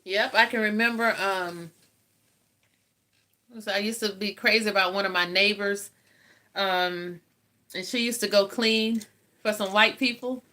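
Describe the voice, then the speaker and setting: A woman's voice: medium pitch, steady tone, measured pace, long pauses, pushed and bright. An older woman with a Southern US accent, chatting and telling stories to live viewers while she eats, laughing often. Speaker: host of a live eating stream. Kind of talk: casual chat with live viewers.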